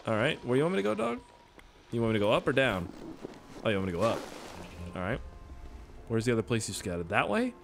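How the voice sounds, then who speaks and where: Excitable swearing gamer guy. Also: mid-range voice, quick pace, vocal fry, long pauses. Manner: excitable, swears a lot, laughs at own jokes. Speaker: gaming YouTuber. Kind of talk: let's-play commentary.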